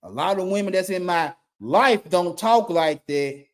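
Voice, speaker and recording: Man, middle-aged, high-pitched, blunt profane rant, emphatic and repetitive. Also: lively intonation, measured pace. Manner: blunt, profane, emphatic, repeats his points. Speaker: YouTube commentator. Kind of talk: ranting monologue.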